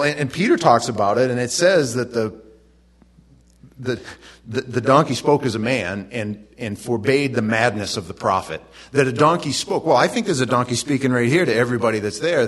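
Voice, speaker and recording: Preaching in a mid-range voice, a middle-aged male pastor relates the story easily and conversationally, breaking off for lively remarks to his congregation.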